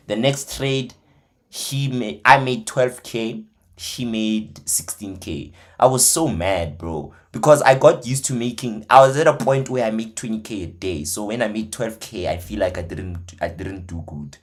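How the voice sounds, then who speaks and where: A man, a trading mentor, telling stories in casual talk, animated, swinging from hushed to loud. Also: fairly low pitch, measured pace. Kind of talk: casual storytelling.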